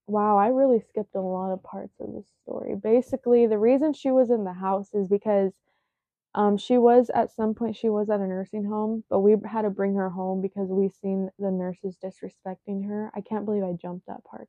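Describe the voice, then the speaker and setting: A young woman telling viewers a painful personal story, halting and full of fillers, often dropping almost to a whisper. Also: mid-range voice, dry recording. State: shaken, emotional. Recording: dry, phone-like narrow sound.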